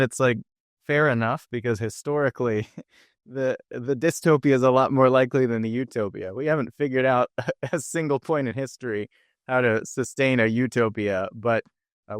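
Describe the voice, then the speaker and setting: A man's voice: medium pitch, smooth, no room sound, clean studio sound. A man speaking as a podcast guest, explaining ideas in an earnest, conversational way. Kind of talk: conversational interview.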